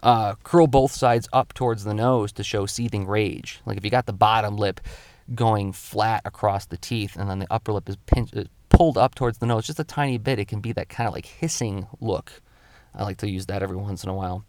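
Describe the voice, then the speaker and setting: A man's voice: fairly low pitch, brisk, a little mellow, dry recording. A male comic illustrator giving a casual spoken drawing tutorial, explaining his tips step by step in a thoughtful way.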